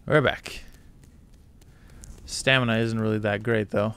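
A man's voice: fairly low pitch, steady tone, a little slow, fairly bright tone, clear, resonant tone. A man casually commenting while playing a video game, laid-back and muttering asides to himself. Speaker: let's play gamer.

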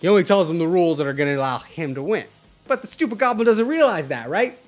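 Animated man telling a story. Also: high-pitched, fast. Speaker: livestream host. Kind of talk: casual storytelling.

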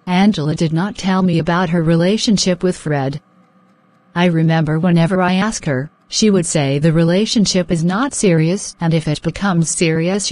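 A woman's voice: on the low side, no room sound, close to an everyday voice. Brief: woman doing a frazzled young woman, snappy and worried, dry close sound. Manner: exasperated, sharp-tongued, fretful. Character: flustered, anxious young fiancée. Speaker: voice actor in animated drama.

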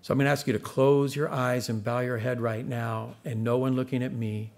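A man's voice: medium pitch, little pitch movement, a little fast, darkish tone. A male pastor preaching a sermon in an earnest, conversational way, speaking straight to his congregation and pushing harder on the points he stresses.

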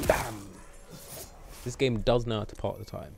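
A man's voice: lowish voice, steady tone, moderate pace, gravelly, background noise. A British man streaming a game live, chatting playfully with viewers and joking as he plays. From Britain. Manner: playful, banters with chat, jokes and mutters at the game.

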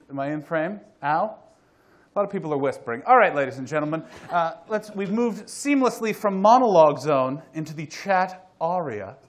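A Canadian man hosting a live comedy chat show, joking loudly, then dropping into muttered asides. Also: a little high. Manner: loud, jokey, swings between shouting hype and muttered asides. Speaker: host. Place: live comedy venue with audience.

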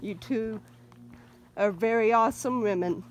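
Woman, middle-aged, slow pace, higher voice, teary and sniffly, heartfelt, casual walking vlog. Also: slight background noise. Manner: tearful, heartfelt. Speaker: vlogger on a walk.

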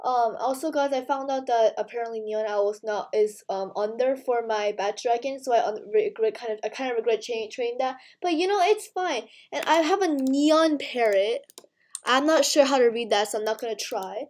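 A woman's voice: fairly high pitch, moderate pace. A woman hosting a gaming video, overexcited and tired, stammering and spluttering as she chats to her viewers. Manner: breathless, stammering and spluttering with excitement. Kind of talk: excited gaming vlog chat.

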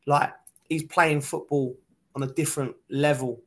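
Guy in his 40s gabbing about football, tripping over his words, kinda high voice. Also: normal speed. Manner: stumbling restarts, excited and chatty. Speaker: football pundit guest. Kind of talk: casual chat on a video call.

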